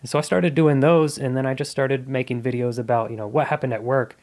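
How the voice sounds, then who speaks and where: A man's voice: medium pitch, steady tone, brisk, darkish tone. Earnest man telling his story. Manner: earnest, reflective. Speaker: podcast guest, comedian. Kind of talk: casual interview storytelling.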